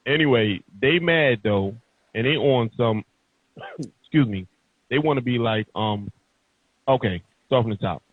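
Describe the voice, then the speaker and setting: A man's voice: mid-range voice, lively intonation, a little slow, long pauses, slightly rough, no echo. A man hosting a podcast, ranting heatedly and emphatically in casual, profane talk. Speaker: podcast host. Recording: tinny phone-like sound.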